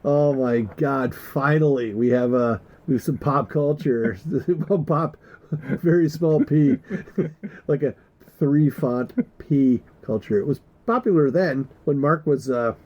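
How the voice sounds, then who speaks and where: A man's voice: medium pitch, slow pace. Joking man on a muffled lo-fi mic. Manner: joking, teasing, swears freely. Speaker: podcast co-host. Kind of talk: casual chat.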